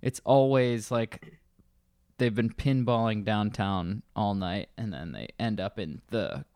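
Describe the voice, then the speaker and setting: A man casually telling a bar story, swearing and acting out angry customers in loud voices. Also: on the low side, measured pace, smooth, no echo, clean studio sound.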